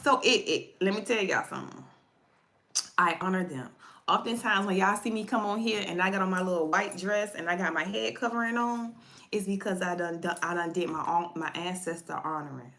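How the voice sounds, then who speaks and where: A woman's voice: on the low side, brisk, a bit bright. A woman tarot reader telling a personal story to viewers in a casual livestream, chatty and repetitive, often addressing her audience directly. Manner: chatty, repeats herself, speaks directly to viewers.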